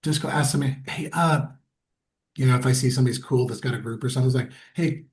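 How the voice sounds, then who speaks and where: A man's voice: medium pitch, steady tone, very fast, a little mellow. A middle-aged man talking candidly and self-deprecatingly in a casual conversation, acting out what people said. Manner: candid and self-deprecating, acts out quoted voices. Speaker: guest sharing personal stories.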